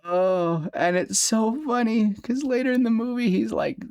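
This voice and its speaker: A man's voice: extremely high pitch, moderate pace, gravelly, a little mellow, no echo. A young man hosting a podcast, rambling happily about a favourite film and laughing as he goes. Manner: gushing, rambling fan talk with laughs. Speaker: podcast host. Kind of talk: casual solo podcast commentary.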